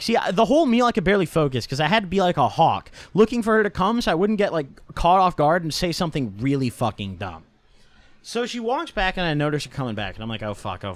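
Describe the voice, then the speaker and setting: A man's voice: on the high side, dry recording. A young man telling a casual storytime in a slangy manner, swearing often and tagging lines with "right?" and "dude". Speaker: vlogger.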